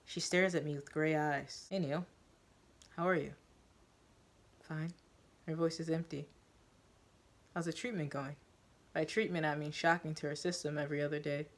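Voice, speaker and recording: A woman narrating a first-person story in a measured, dramatic reading. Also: low voice, fairly even intonation.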